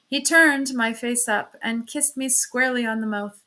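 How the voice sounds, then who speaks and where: A woman reading a classic story aloud in the first person, with expressive shifts in pitch and loudness. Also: moderate pace, few pauses. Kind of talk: storybook read-aloud narration.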